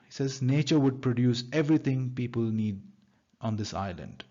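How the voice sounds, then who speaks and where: A man's voice: mid-range voice, moderate pace, mellow. A male teacher with an Indian English accent giving a literature lecture, paraphrasing each line in plain words. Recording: dull lo-fi recording.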